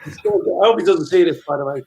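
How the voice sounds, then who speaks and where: A man's voice: fairly high pitch, fast talker, a little hiss or hum, low-quality recording. Laughing middle-aged man telling stories. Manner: laughing, animated anecdote-telling. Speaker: former footballer, guest. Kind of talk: casual storytelling interview.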